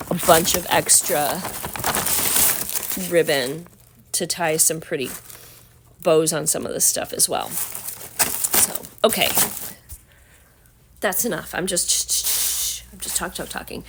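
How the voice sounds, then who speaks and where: A hoarse woman with a Southern American accent rambles along in a relaxed, easygoing chat, her scratchy voice sitting low with a gravelly edge. A faint hiss of noise sits under her at home. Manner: chatty, rambling with many fillers. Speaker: vlogger. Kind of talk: casual chat to camera. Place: home, indoors.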